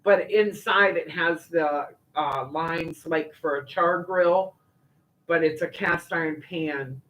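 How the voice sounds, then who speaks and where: Reading out viewer comments on her livestream, this older woman speaks slowly in a deep, slightly bright voice, chatting folksily with lots of fillers and side remarks. It's a low-quality recording.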